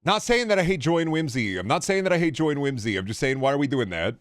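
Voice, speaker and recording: A male game streamer riffing with sarcastic, joking banter. His pitch swings widely as he talks. The sound is close and dry. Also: big pitch swings, fast talker, dry recording. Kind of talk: casual gaming commentary.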